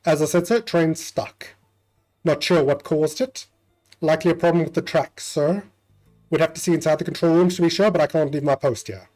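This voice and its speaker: A man's voice: on the high side, steady tone, normal speed, a little mellow, soft background music, pitched above the performer's own voice, close to an everyday voice, rough recording. A man voicing a polite, ghostly male train conductor from a game, who answers formally and calls everyone sir. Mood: dutiful. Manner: formal, says sir constantly.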